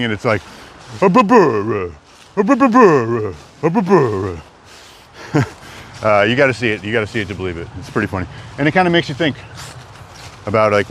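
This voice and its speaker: A man's voice: medium pitch, a bit bright, a little hiss or hum. A man live-streaming as he walks through the woods, chatting loosely to his viewers while on the move. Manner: rambling, chatty, talks to chat. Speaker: livestreamer. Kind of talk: live-stream walking vlog. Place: outdoors in woods.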